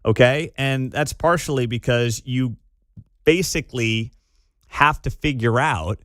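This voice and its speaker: Opinionated talk radio host, dry studio. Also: male voice, mid-range voice, no room sound. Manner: animated, opinionated, quick laughs. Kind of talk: morning talk radio commentary. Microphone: studio microphone.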